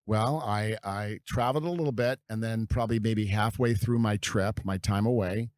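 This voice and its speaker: Low-voiced man telling stories, dry sound. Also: darkish tone, dry recording. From California. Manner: unhurried, meandering storyteller. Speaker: guest. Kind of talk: reminiscing interview storytelling.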